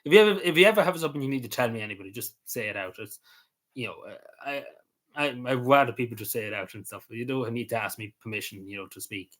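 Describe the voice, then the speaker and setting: A livestreamer with a Cavan Irish accent chats casually and responds to comments haltingly, his phrases fading quietly at the ends. His voice is mid-range and animated.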